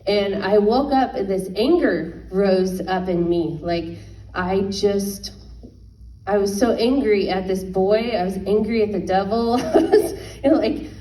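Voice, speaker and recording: A woman in her thirties gives a personal faith testimony in a mellow, warm voice. She talks earnestly and haltingly, circling back and restarting her sentences. The mic sits some way off in a roomy, echoing space. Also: medium pitch, distant mic. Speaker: worship leader.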